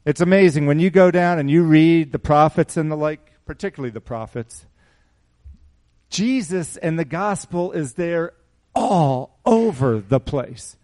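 A man preaching to a small church congregation in a slightly higher voice. He talks casually, firing rhetorical questions at the room. He raises his voice when he reads scripture aloud. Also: normal speed, darkish tone. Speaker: pastor. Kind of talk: sermon.

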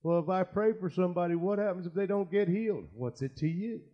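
A man preaching a sermon, telling stories and acting out the people in them, with quiet asides and loud bursts of prayer. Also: high voice, fast talker, dull audio. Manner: storytelling, voices quoted people, swings from quiet asides to loud shouted prayer. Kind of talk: sermon with acted anecdotes.

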